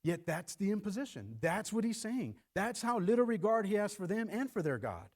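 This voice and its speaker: Animated preaching man with lively pitch. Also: normal speed. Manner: animated, acts out quotes in shifting voices. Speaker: pastor. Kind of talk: sermon. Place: church.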